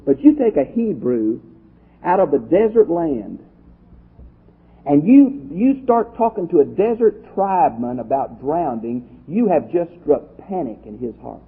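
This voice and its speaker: A man from Texas, a pastor teacher giving a lively, conversational Bible study lecture and asking his class questions. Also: on the high side, a little slow, slightly rough. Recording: tinny lo-fi phone-like audio.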